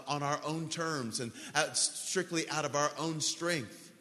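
Earnest pastor in a reverberant church hall. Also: male voice, fairly high pitch, fairly bright tone. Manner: earnest, slow and pleading, leading a prayer. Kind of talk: sermon altar call.

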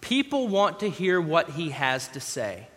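A man's voice: on the high side, sing-song, measured pace, a bit bright. A man preaching a sermon in a conversational way, acting out scenes from scripture as he reads. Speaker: pastor. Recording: long hall reverb.

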